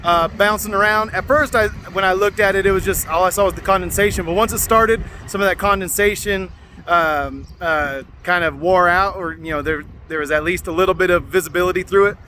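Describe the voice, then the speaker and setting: A middle-aged trucker with a high-pitched voice talks casually from his cab, rambling along and tossing in "man" and "bro". The hum of the truck and the road sits clearly behind him. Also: steady tone, brisk, bright, forceful tone. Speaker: truck driver vlogger. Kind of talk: casual video diary. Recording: vehicle noise behind the voice.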